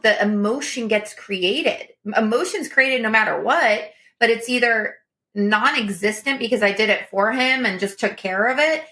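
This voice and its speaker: A woman in her thirties with a bright, fairly high voice tells an earnest family story as a podcast co-host. Her delivery is lively and heartfelt. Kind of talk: casual coaching talk.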